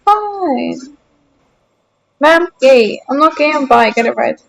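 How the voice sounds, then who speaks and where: A young woman streams a game from her sofa at home, chatting casually with her viewers. Her voice sits high and bright, and she answers chat aloud with a playful, defensive streak. The talk stays loose and unscripted. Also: moderate pace, gravelly, low-quality recording. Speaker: gaming streamer.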